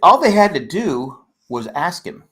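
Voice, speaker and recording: A man's voice: a little high, sing-song, unhurried, fairly bright tone. A man from California co-hosting a casual podcast chat, telling stories in a rambling way and stumbling over his words. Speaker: podcast co-host.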